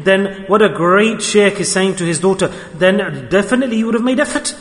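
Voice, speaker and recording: A high-voiced man delivers an emphatic sermon, repeating his points and calling out to the congregation. His voice rings through a large hall with a long, roomy reverb. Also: fairly quick. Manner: emphatic, repeating phrases, addressing the congregation directly. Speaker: preacher. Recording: echoey hall.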